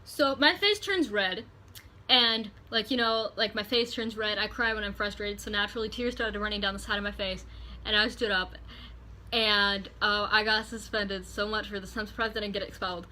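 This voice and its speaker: A woman vlogger telling a storytime tale in a hotel room, animated and profane. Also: mid-range voice, brisk, a little hiss or hum. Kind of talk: storytime vlog.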